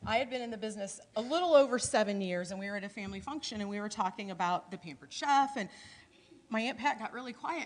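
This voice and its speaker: A middle-aged woman from Illinois giving a lively, chatty training talk to her sales team, acting out bits of dialogue. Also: medium pitch, fast.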